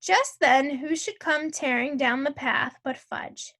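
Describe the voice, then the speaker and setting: A woman reading a children's novel aloud as narrator, telling the story in a clear, measured way. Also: high voice, pushed and bright.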